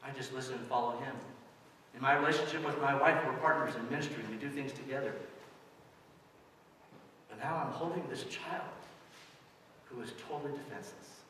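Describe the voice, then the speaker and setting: A man's voice: mid-range voice, a little fast, pauses often, sharp tone. Man preaching in an echoey hall. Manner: conversational preaching, addresses kids directly. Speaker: pastor. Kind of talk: sermon. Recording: distant mic, echoey church hall, faint hiss.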